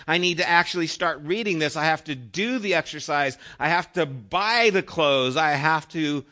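A middle-aged man delivers a sermon as pastor, his voice bright and a touch higher than most men's. He talks earnestly and conversationally, posing questions to his listeners and letting many phrases fall soft and low.

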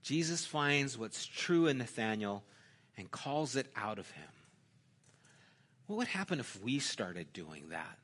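A middle-aged man preaching a sermon in a conversational way, swinging from loud emphasis down to quiet, intimate asides. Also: mid-range voice, very animated, a little slow. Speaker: pastor.

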